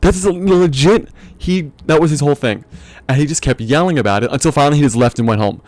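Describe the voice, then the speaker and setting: Here the young host's voice is fairly high and a little mellow, moving at a quick pace as he rants comically, swearing in exasperation and laughing often. A faint hiss or hum sits under the audio.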